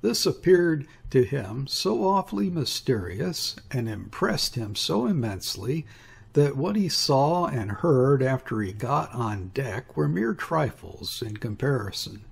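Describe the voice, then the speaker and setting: Guy narrating an old sea story, slow and gravelly, husky voice, lots of ups and downs. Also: medium pitch. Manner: measured, expressive first-person storytelling. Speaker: audiobook reader.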